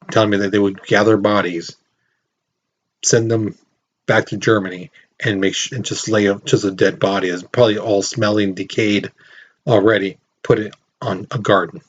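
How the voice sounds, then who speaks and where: A man's voice: on the low side, breathy edge. Guy teaching a recorded history lesson, rambly and chatty, kinda dull lo-fi sound. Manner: casual, rambling, lots of fillers.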